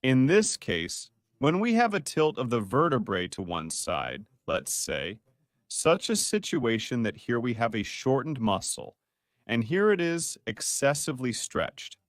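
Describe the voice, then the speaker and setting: A man's voice: mid-range voice, unhurried, dry recording, studio quality. A man, a doctor, giving a playful video lesson on the spine and quizzing his viewers. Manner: lively, playful teaching with quiz questions to viewers. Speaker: doctor explaining spine health.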